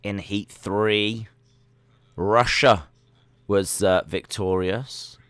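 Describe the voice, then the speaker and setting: A man's voice: fairly low pitch, fairly even intonation, very slow, a bit bright, smooth, no room sound. A man hosting a casual live watch-along stream, chatting and reading search results and chat messages aloud.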